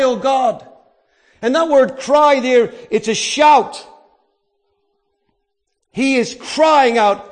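A middle-aged man preaching a sermon with earnest emphasis, stretching key words as he makes his point. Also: very high voice. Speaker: pastor.

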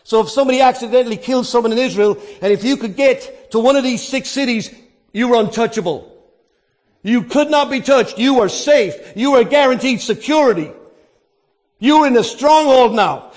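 Male preacher, very high voice, dynamic delivery, quiet to shouting, rhetorical questions. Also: normal speed. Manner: asks and answers his own questions. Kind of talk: sermon.

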